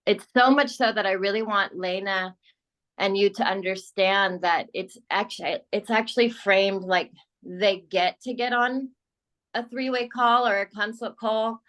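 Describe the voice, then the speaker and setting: A woman's voice: medium pitch, a little slow. A woman coaching her sales team on a group call, talking with energy and persuasion. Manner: energetic, persuasive, acts out quoted clients.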